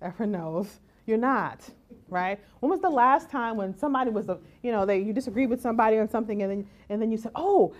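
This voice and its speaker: Animated woman giving a conference talk. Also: fairly high pitch, fast, highs cut off. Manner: animated, acts out quoted voices, rhetorical "right?". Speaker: keynote speaker.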